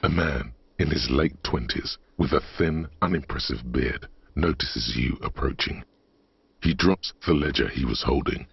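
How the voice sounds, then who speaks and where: Gravelly ominous narrator voice. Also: male voice, full character voice. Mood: brooding. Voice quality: deep gravelly, slow and ominous. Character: brooding inner voice narrator, older man. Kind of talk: game narration. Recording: dull lo-fi game capture with music.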